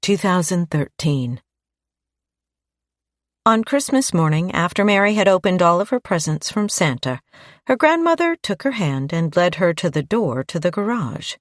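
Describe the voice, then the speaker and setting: A woman narrating a crime audiobook in a steady, measured read on a close mic. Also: fairly low pitch, no room sound. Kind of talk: scripted narration.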